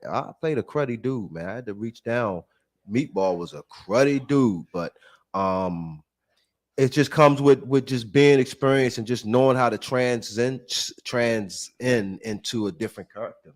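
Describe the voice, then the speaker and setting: A man hosting a casual chat, explaining acting in a laid-back, earnest way. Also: mid-range voice.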